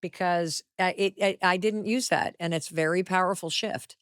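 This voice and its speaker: A woman's voice: on the low side, fairly even intonation, moderate pace, a bit bright, clear, resonant tone, dry recording, studio quality. A woman hosting a podcast interview, reacting candidly and emotionally with short exclamations. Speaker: podcast host.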